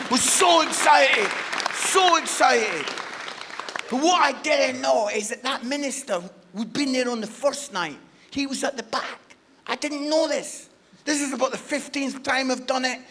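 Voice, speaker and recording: Animated preacher, very high bright voice, playful storyteller who talks to the room. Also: male voice, slight background noise. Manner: animated, playful, addresses the audience directly. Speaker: guest preacher. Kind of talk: humorous storytelling sermon.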